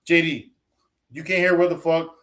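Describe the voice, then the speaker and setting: Man, fairly high voice, casual podcast chat, profane, animated storyteller. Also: moderate pace. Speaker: podcast co-host.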